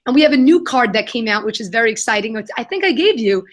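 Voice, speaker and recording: A young adult woman answering questions in a live Q&A, telling an animated story and acting out the voices of the people in it. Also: on the high side, quick pace. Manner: animated, acts out quoted voices. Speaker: guest, kindness nonprofit founder.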